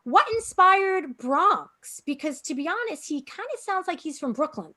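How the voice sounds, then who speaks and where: A woman's voice: high voice, lively intonation, measured pace, sharp tone. A woman from New York City hosting an interview and asking friendly, prepared questions. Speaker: podcast host.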